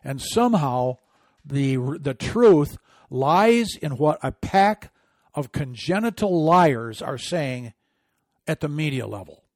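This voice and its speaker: A middle-aged man giving opinionated political commentary, sarcastic and indignant, often rising into loud outrage. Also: a little high, very animated, slow, dry recording, studio quality. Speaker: commentary host.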